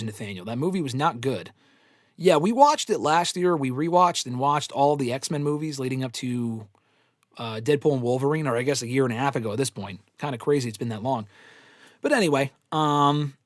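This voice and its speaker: A man's voice: medium pitch, dry recording, clean studio sound. A man hosting a live fan Q&A, talking bluntly with plenty of swearing and rambling opinions. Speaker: host answering fan questions. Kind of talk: live casual Q&A stream.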